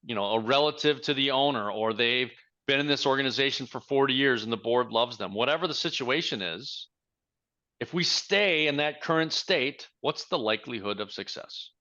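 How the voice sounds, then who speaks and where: A man's voice: mid-range voice, moderate pace, sharp tone, muffled recording. A man giving a motivational talk as a leadership coach, speaking emphatically and asking many rhetorical questions.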